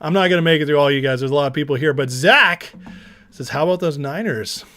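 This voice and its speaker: A man's voice: fairly high pitch, pushed and bright. A man hosting a casual livestream watch party, upbeat and chatty, reading viewers' names aloud. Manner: upbeat, reads chat names aloud rapidly. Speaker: livestream host.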